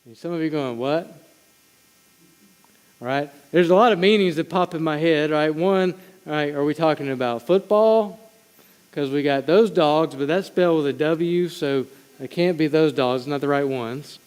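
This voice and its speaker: High-voiced man preaching in a reverberant church. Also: normal speed, darkish tone, clear, resonant tone. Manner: conversational preaching with asides to the congregation. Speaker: pastor. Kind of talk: sermon. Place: church sanctuary. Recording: long hall reverb.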